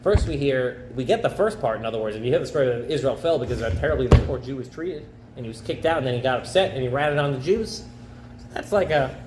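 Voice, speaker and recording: A man's voice: fairly high pitch, a little mellow. A male rabbi telling a story as a casual, chatty lesson, with slang and frequent "okay?". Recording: echoey room, faint background noise.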